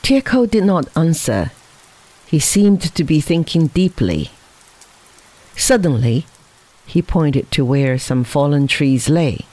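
A narrator reading a story aloud in a slow, measured way. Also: mid-range voice, big pitch swings, darkish tone, rough recording. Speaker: audiobook reader.

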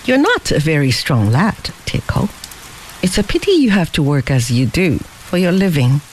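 Well-off young man, genial and brisk, as a storybook reader plays him; lively delivery. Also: medium pitch, slight background noise, lightly acted, rough recording. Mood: teasing. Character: well-off young man, teasing then remorseful.

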